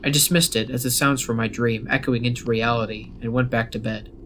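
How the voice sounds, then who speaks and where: A man telling a first-person horror story as scripted narration, in a steady, measured way. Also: mid-range voice, a little hiss or hum. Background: faint background music.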